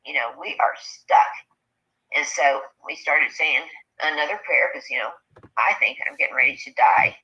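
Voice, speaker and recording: A woman telling a personal encounter story in a halting, earnest way, full of fillers, on a dull lo-fi recording. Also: low-pitched, pushed and bright. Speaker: eyewitness sharing an encounter.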